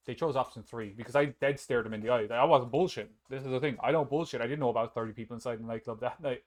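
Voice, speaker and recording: A young man co-hosting a podcast, telling stories in a blunt, animated way and swearing often. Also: medium pitch, racing, few pauses. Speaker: podcast co-host. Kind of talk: casual chat, storytelling.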